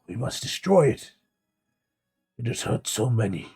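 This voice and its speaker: A man doing a solemn, deep-voiced adventurer. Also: very animated, measured pace, creaky, a little mellow, slightly rough, soft background music, exaggerated voice.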